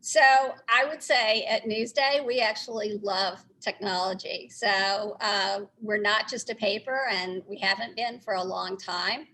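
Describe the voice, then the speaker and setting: A middle-aged woman from Texas with a Texan accent softened by New York, answering interview questions in a friendly way with many ums and uhs. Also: mid-range voice, steady tone, measured pace, few pauses, slight background noise, rough recording. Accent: Texan blended with New York. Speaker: newspaper publisher, guest.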